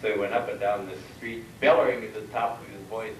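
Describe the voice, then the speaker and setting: A man acting as emcee at a family reunion, telling long jokes in a measured storyteller's way with drawn-out punchlines. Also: on the low side, steady tone, slight background noise. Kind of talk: joke telling to a crowd. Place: reunion gathering hall. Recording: roomy hall from far off.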